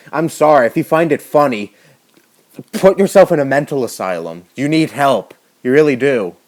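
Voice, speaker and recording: A young man delivering an indignant rant to camera, swearing often and halting with fillers and restarts. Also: fairly low pitch, darkish tone. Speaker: YouTuber. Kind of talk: angry rant vlog.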